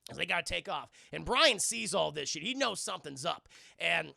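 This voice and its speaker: A man casually recapping a film scene by scene for a live chat, animated and profane, acting out the characters. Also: a little high, moderate pace, vocal fry, no room sound, studio quality. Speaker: streamer reviewing a film.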